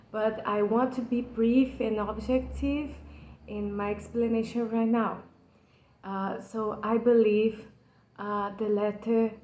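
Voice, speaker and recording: Her voice is mid-range with a darkish tone, captured in a low-quality recording with a roomy sound and a little hiss or hum. She's a Brazilian channel host speaking English as a second language with a Brazilian Portuguese accent, giving a slow, earnest, passionate explanation of a poem full of hesitations, fillers, and restarts.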